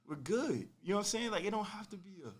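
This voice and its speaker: Animated young man telling a story. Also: sits high, fast, husky. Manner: animated, slangy, acts out quotes. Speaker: podcast host telling a story. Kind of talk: casual storytelling.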